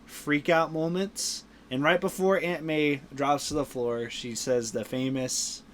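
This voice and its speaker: A young man on a casual movie podcast talks through a film plot in long, rambling runs, leaning on "like" and "you know". His voice sits a little high, with a faint hiss under it. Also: steady tone, unhurried, fairly bright tone. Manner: retells scenes at length, heavy use of "like". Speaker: podcast co-host. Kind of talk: casual movie review chat.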